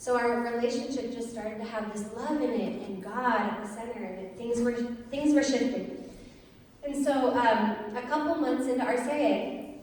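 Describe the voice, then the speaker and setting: A woman's voice: on the high side, normal speed, far from the mic. Earnest young woman telling her story in an echoey hall. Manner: earnest, lively storyteller with laughs. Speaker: speaker giving a personal testimony. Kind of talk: storytelling talk to an audience.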